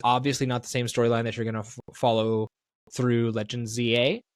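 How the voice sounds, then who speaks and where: A man's voice: medium pitch, flat delivery, a little fast, dry recording. A man co-hosting a podcast in casual talk, rambling and correcting himself as he thinks aloud. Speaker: podcast co-host.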